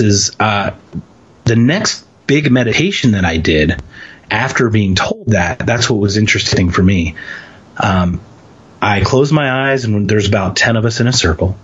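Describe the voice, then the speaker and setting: A man from Philadelphia, an interview guest, telling a personal story in a lively way and acting out the quoted voices. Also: lowish voice, normal speed, slightly rough, highs cut off. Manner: animated storyteller, acts out quotes.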